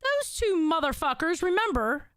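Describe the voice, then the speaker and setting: A woman's voice: extremely high pitch, very animated, normal speed, a bit bright, no room sound, clean studio sound. A woman co-hosting a casual chat show, blunt, emphatic and swearing freely. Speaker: co-host.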